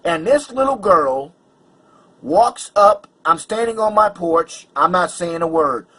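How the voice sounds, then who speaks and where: Husky, high-voiced man telling an angry story. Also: expressive, slow pace, sharp tone, low-quality recording. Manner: emphatic, stammering restarts. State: angry and worked up. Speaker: vlogger. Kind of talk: agitated personal story to camera.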